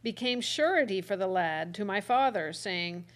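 A woman reading scripture aloud in a measured, earnest way. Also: medium pitch, expressive. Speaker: scripture reader.

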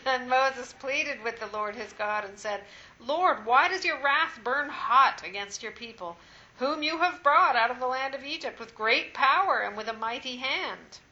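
Woman reading bible verses out loud, bright voice, a bit high, steady. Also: unhurried, dull audio. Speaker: scripture reader. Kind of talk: reading scripture aloud.

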